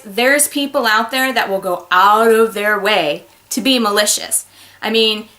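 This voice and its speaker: Woman author, higher-pitched voice, expressive and chatty, speaking to camera at home. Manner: animated and expressive, with sudden loud exclamations. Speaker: author giving advice. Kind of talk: casual talk to camera. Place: home office.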